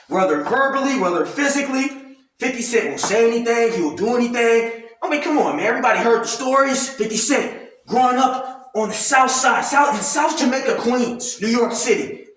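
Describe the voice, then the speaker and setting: Loud ranting man in echoey room. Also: very high voice, normal speed. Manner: loud, animated, profane ranting. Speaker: commentary vlogger. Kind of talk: ranting commentary. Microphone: camera mic at a distance, no clip-on mic. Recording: very echoey room, voice far from mic.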